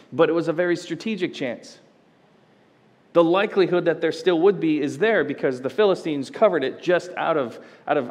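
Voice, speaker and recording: A man's voice: a little high, big-room sound. A male pastor preaching a sermon in a church, conversational and storytelling, slipping into acted quotes. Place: church sanctuary.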